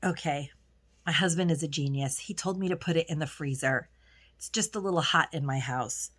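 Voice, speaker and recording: Low-pitched, a bit bright and slightly rough, a woman talks at normal speed through a lipstick haul at home. As a beauty vlogger in casual chat, she gushes and keeps restarting her sentences.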